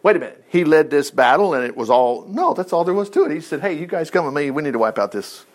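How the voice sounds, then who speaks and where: Animated folksy man teaching Bible. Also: fairly high pitch, fast. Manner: folksy, jokey, reads scripture aloud and acts out quotes. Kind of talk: informal Bible study teaching.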